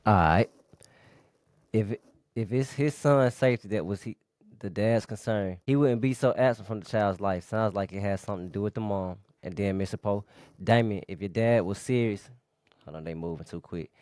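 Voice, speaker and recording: A man reading listener comments aloud on a podcast in a steady, matter-of-fact way. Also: on the low side, normal speed, no echo, clean studio sound.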